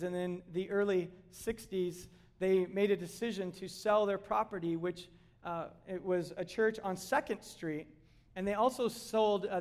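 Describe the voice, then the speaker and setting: Man, pastor, sermon, high-pitched, emphatic, animated delivery, middle-aged. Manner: animated, emphatic, with repeated exclamations.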